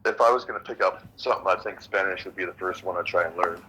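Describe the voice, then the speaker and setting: Canadian guy, deep and kinda husky, swears a lot telling rambly stories. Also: fast, bright, forceful tone, low-quality recording. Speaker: mobile game player. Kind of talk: casual chat while gaming.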